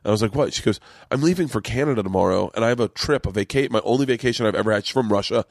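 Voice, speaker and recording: A man's voice: lowish voice, rapid-fire, vocal fry, no echo. A middle-aged man telling a long rambling story in casual chat, swearing freely and acting out what others said. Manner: rambling, profane, acts out quotes. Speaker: podcast host, comedian.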